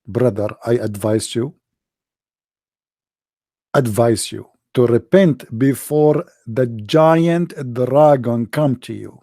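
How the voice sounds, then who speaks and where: A man giving mocking, sarcastic livestream commentary as a religious debate streamer, dropping into dramatic hushed asides. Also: mid-range voice, slow pace.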